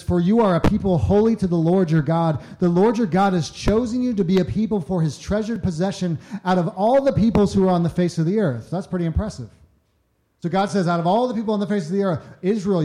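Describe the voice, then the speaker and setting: A pastor with a mellow voice on the high side preaches a conversational sermon. He often acts out the voices he quotes and repeats words as he begins his sentences.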